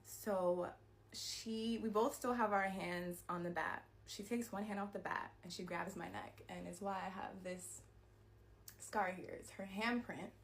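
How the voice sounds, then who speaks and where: A woman telling a personal story to her viewers in a storytime vlog, animated and peppered with "like" and swearing. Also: medium pitch, measured pace, slight background noise. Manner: animated retelling, heavy use of "like", frequent swearing. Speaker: vlogger.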